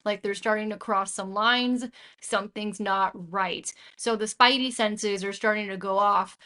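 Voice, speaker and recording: A woman's voice: mid-range voice, fairly even intonation, a little slow, pushed and bright. A woman hosting a casual conversation, emphatic and opinionated, from the United States. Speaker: host.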